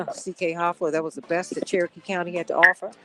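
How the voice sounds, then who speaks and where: A woman's voice: fairly low pitch, little pitch movement, fast, over loud music, low-quality recording. A woman hosting a live radio talk show, speaking with an impassioned, preacherly cadence.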